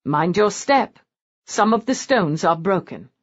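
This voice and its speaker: A man's voice: high-pitched, expressive, unhurried. A woman reading the part of a brooding, silken-voiced lord with a bad leg, dry and mocking in tone, on a dull lo-fi recording.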